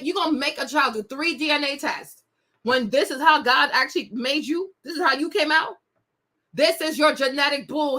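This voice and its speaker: A woman's voice: high-pitched, bright, forceful tone. A young woman hosting a celebrity gossip show, talking in a sassy, indignant way straight to her viewers. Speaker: host. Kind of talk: casual celebrity gossip commentary.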